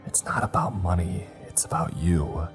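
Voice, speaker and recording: A man voicing a calm, nurturing female cult leader in a horror story, speaking softly and soothingly. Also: low-pitched, measured pace, soft background music. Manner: soft, soothing, motherly.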